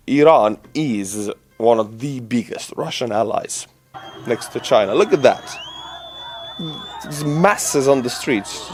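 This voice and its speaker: A man with an Estonian accent talks through current events in a casual commentary style. His delivery is animated and conversational, full of fillers and quick restarts, and his pitch sits in a middle range for a man. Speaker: YouTube news commentator.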